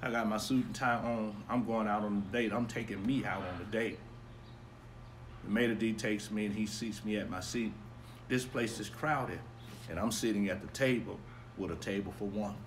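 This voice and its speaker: A man preaching as a pastor on a casual live stream, giving upbeat shout-outs to viewers and telling a personal story in a quieter voice. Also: fairly low pitch, steady tone, normal speed, a little hiss or hum. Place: home backyard.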